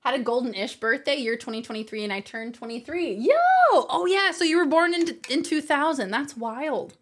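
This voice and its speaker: A woman's voice: high voice, moderate pace, fairly bright tone. A woman livestreamer in casual chat, reading her viewers' messages aloud and laughing often.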